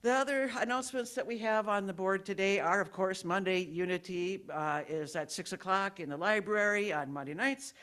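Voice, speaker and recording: A woman's voice: mid-range voice, normal speed, few pauses, a bit bright. A woman giving friendly, rambling church announcements as board president, often stopping to correct herself.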